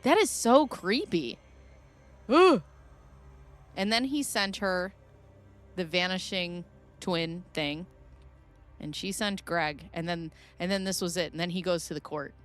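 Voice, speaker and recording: A woman's voice: lowish voice, slow, pauses often, soft background music. A woman hosting a casual reaction commentary, goofy and giggly, rambling as she reads through documents. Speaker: host.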